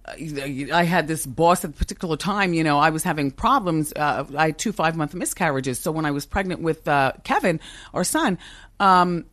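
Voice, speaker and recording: Brief: woman, 50s, big commanding voice on the lower side, animated and emphatic, dry close podcast sound. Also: brisk, no echo. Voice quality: strong, commanding voice. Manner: animated, emphatic, laughs often. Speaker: talk show host as podcast guest. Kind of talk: candid interview conversation. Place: office with a kitchen upstairs.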